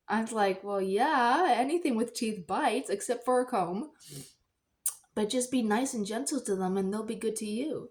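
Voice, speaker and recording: A woman vlogging in a casual, rambling storytelling way, acting out the people she quotes with sudden high, excited voices. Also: normal speed. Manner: animated, acts out quoted voices in high squeals.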